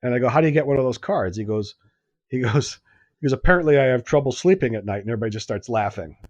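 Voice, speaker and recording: A man's voice: medium pitch, quick pace, a little mellow, no room sound, highs cut off. A man on a podcast telling a story in casual chat, acting out the dialogue and laughing often.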